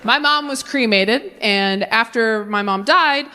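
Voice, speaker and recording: A woman's voice: on the high side, slow pace, background noise. A woman in her thirties performing stand-up comedy on stage, acting out characters in shifting voices. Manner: animated, acts out quoted characters in shifting voices. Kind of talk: stand-up set. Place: comedy stage before a live audience.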